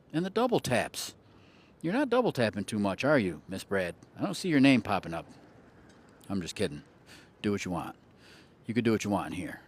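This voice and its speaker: Jokey guy on a live stream, really animated voice, teasing his viewers. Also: medium pitch. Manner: sing-song, repeats phrases for effect. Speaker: astrology livestream host. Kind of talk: casual livestream chat.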